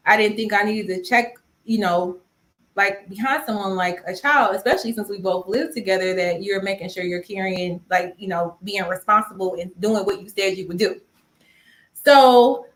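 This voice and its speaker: Young adult woman, finance live-stream host, casual animated storytelling, acts out quoted lines, mid-range voice, echoey room. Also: mid-range voice. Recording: roomy echo.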